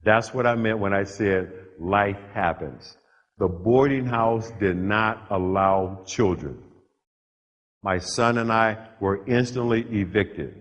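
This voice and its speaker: A man giving a storytelling speech to a live audience in short, punchy phrases with dramatic pauses. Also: lowish voice, long reverb tail, lo-fi sound. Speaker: motivational speaker. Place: large hall with live audience.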